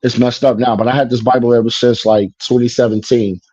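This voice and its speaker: A man tells his story in an easygoing, streetwise way, with a mellow, warm tone. He slips into the voices of the people he quotes, and the recording sounds dull and lo-fi, close and dry with no room echo. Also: mid-range voice, a little fast, slightly rough. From Chicago. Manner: animated, mimics people in quotes, streetwise slang. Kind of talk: casual storytelling conversation. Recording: dull lo-fi broadcast audio.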